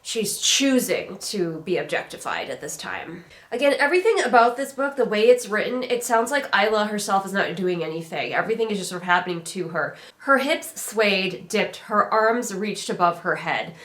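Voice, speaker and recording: A woman's voice: mid-range voice, expressive, normal speed, few pauses, fairly bright tone. A woman reviewing a book in a sarcastic, chatty way, full of filler words, her voice a bit worn. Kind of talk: sarcastic casual book critique. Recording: roomy echo.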